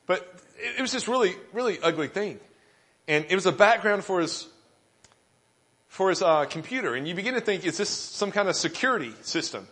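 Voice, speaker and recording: Male pastor, sermon delivery, a touch higher-pitched, animated storyteller who acts out the dialogue. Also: fairly quick. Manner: storytelling with self-deprecating humor.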